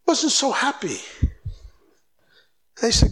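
Preaching as a guest, a man with a very high voice urges his listeners on with fervor. Quick questions tumble out, he voices little dialogues, and his pitch keeps rising as he pushes them, lively and exhorting.

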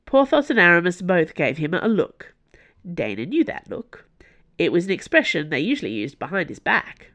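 A woman narrating an audiobook in a measured, even way. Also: deep voice, dry recording. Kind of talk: scripted narration.

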